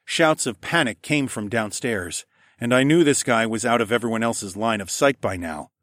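A man narrating a first-person story in a steady, measured way. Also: mid-range voice, dry recording, studio quality. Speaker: audiobook narrator.

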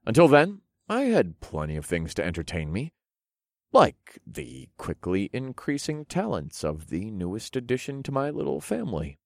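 A man narrating a first-person story for an audiobook, expressive, moving between low murmurs and loud bursts. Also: moderate pace, gravelly, no room sound, clean studio sound.

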